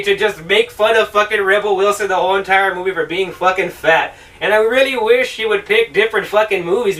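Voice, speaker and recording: A man's voice: sits high, sharp tone, far from the mic, rough recording. A man hosting his own show, giving a swearing, exasperated, sarcastic film review.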